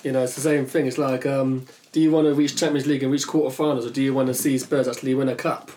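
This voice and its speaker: A man co-hosting a casual football podcast, talking thoughtfully and hesitantly with many pauses. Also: medium pitch, level tone, mellow. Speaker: podcast co-host.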